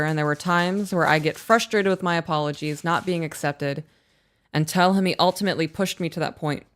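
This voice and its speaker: Low-voiced frank woman reading emails. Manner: blunt, frank, swears casually. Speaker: podcast host reading listener emails. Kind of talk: casual live-stream email reading.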